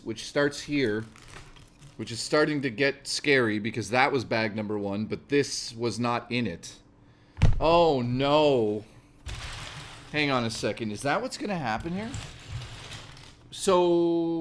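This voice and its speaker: His voice is mid-range, with a little hiss or hum on the recording. The man is hosting a relaxed livestream, swearing often, joking and rambling as he builds a model and talks into a desk mic.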